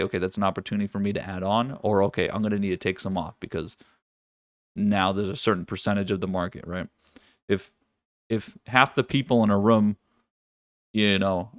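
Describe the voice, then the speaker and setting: Low-voiced man hosting a trading stream. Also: no echo, studio quality. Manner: casual, profane, thinks aloud with many restarts. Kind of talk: live market commentary.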